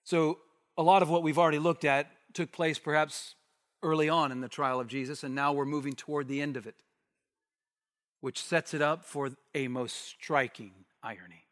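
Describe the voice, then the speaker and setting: A man preaching an expository sermon, animated, acting out the voices in the passage he reads. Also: on the high side, normal speed, in a large hall. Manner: animated, acts out the bystanders' challenge.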